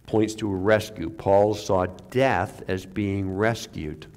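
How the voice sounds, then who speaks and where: Gravelly-voiced pastor preaching casually. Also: male voice, lowish voice, fairly even intonation, takes it slowly, darkish tone. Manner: conversational, with restarts and sudden drops to near-whisper. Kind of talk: sermon.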